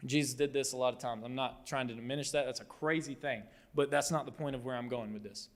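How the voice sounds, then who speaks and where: A man's voice: mid-range voice, steady tone, fast. A man preaching a sermon as pastor, telling the story conversationally and acting out the quotes with animation. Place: church hall. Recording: long hall reverb.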